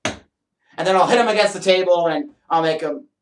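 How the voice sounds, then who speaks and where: Chatty high-voiced magician man. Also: quick pace, roomy sound, a little hiss or hum. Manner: chatty, rambling, with many fillers and playful asides. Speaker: magician host. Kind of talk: casual how-to talk on magic. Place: small room with a counter and shelves.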